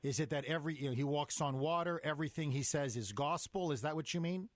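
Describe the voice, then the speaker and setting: A man's voice: on the high side, quick pace, no echo. Probing male radio host, dry sound. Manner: probing, asks a string of questions. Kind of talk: radio interview questions.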